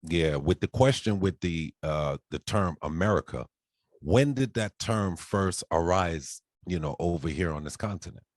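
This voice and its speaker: A very low-voiced man reads treaty articles aloud on a group call, pausing and restarting over some words. The sound is close and dry. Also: no echo. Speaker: participant reading aloud. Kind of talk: reading a treaty aloud in discussion.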